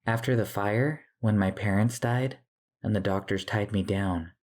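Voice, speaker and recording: A man voicing a cold, eerie orphan girl who speaks flatly. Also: fairly low pitch, a little slow, pitched above the performer's own voice, natural voice. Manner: cold and flat.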